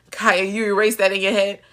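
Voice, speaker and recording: A woman's voice: medium pitch, fairly bright tone. A woman hosting a live recap stream in a casual, sassy style. She laughs often and mimics the characters as she talks. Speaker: host of a live soap-opera recap stream.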